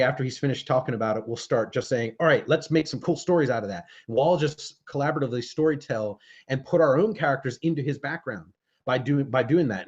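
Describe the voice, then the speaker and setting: A man's voice: mid-range voice, darkish tone. Rambling man on a lo-fi stream. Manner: rambling, self-correcting storyteller. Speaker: podcast co-host and game master. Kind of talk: casual live-stream chat. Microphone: webcam stream. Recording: dull lo-fi webcam audio.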